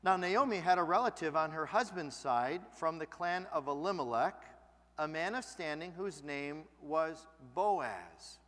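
High-pitched guy preaching, really animated storyteller, echo hangs in a big hall. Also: measured pace. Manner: lively, expressive storyteller. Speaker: pastor. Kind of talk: sermon with personal storytelling.

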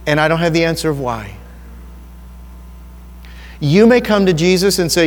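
High-voiced preacher in a reverberant hall. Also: male voice, lively intonation, moderate pace, long pauses. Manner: earnest, personal and conversational, with rhetorical questions. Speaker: pastor. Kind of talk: sermon.

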